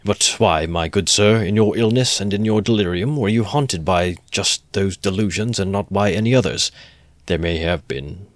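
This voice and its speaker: A man's voice: low-pitched, moderate pace, no room sound, close to an everyday voice. A man voicing a sly, teasing investigator. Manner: teasing, good-humoured, needling questions. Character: sly, ironical middle-aged male investigator.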